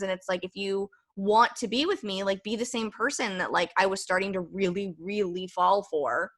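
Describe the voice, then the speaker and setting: A woman's voice: medium pitch, normal speed, few pauses. A young woman hosting a podcast, telling a candid, rambling story in casual chat with lots of fillers. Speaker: podcast host.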